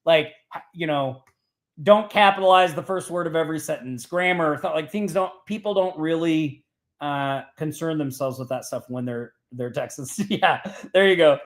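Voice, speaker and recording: A man's voice: fairly high pitch, moderate pace. A man hosting a live online show, chatting casually as he walks through example text messages and talks to viewers by name. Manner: chatty, reads example texts aloud, talks to chat by name. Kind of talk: casual screen-share teaching.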